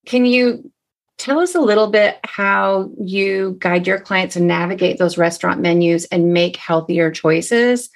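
A woman's voice: fairly low pitch, unhurried, gravelly. A woman hosting a podcast, asking her guest long, rambling questions. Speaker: podcast host. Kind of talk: casual podcast interview.

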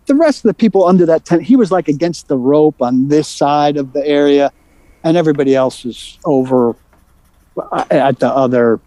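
A man telling a story on a sports talk show, animated and worked up, with quick restarts. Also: fairly high pitch, dry recording. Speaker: sports reporter and show regular. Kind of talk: casual sports radio talk.

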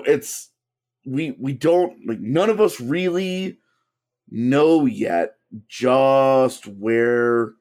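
Hoarse male co-host, mid-range voice, careful analytical chat. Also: medium pitch, a little mellow. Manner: thoughtful, hedging analysis. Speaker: podcast co-host. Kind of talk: casual sports talk.

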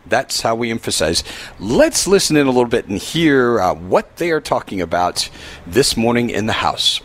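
A man's voice: moderate pace, a little hiss or hum. A man hosting a live radio talk show, giving upbeat announcements and emphatic commentary. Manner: animated, upbeat pitch swings, emphatic.

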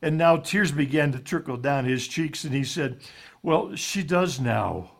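Folksy male guest storyteller, earnest, a bit higher-pitched voice. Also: expressive, unhurried, vocal fry. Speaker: guest speaker. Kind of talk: storytelling on a talk show.

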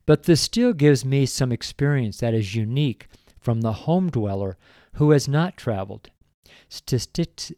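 Earnest, emotional male preacher, mellow voice. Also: medium pitch, no room sound, clean studio sound. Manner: earnest, emotional, tearful at times. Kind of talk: devotional sermon and prayer.

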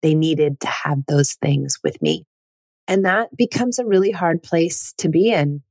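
Middle-aged lady host chatting, low voice, earnest and personal, dry close sound. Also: a little mellow, dry recording. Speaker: podcast host. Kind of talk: casual solo podcast talk.

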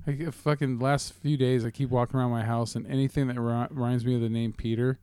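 A middle-aged man chatting casually about movies, rambling loosely and breaking into laughter. His voice is mid-pitched and dry, recorded close with no echo. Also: little pitch movement, fast talker, darkish tone, smooth. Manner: rambling, laughs often, profane. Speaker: podcast co-host.

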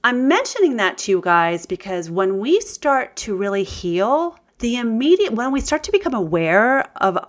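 A woman's voice: mid-range voice, sing-song, moderate pace, hardly any pauses. A middle-aged woman speaking candidly to her audience about healing, earnest and confiding, with emphatic outbursts. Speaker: self-help speaker.

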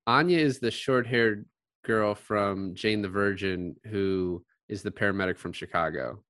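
A man co-hosting a casual podcast chat about a film, blunt and animated, often swearing and quoting scenes. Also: fairly low pitch, unhurried, dry recording. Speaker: podcast co-host.

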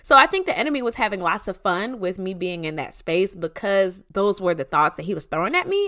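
A woman's voice: medium pitch, big pitch swings, brisk, few pauses, a bit bright. A young adult woman hosting a casual faith talk, speaking in a candid, conversational way with casual slang. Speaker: podcast host.

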